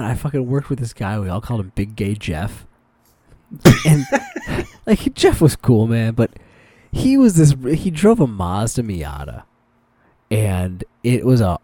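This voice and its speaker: Man, podcast co-host, casual storytelling, lively pitch, dry sound. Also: no room sound. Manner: animated storytelling, swearing, quoting people. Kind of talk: casual chat.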